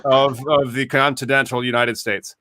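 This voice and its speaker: A man's voice: medium pitch, little pitch movement, normal speed, sharp tone. A man hosting a live podcast, chatting casually and wryly about news as it happens. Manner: chatty, wry, talks over tech trouble. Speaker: podcast host.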